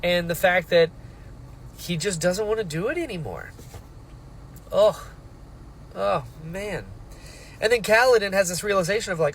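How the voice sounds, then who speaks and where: A man in a casual book reaction vlog, with a fairly high voice that swoops up and down. He reacts to each turn with big emotional outbursts and swears freely as he talks. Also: sing-song, normal speed, long pauses, a little hiss or hum, rough recording. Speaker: book reviewer.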